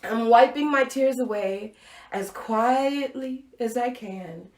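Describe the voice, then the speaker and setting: A woman hosting a live-streamed inspirational talk, telling a personal story with animated acted-out reactions and dropping to a soft, intimate voice for key points. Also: fairly high pitch, takes it slowly, roomy sound. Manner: animated storytelling, acts out her own reactions. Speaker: host. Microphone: Facebook Live stream, webcam or phone mic.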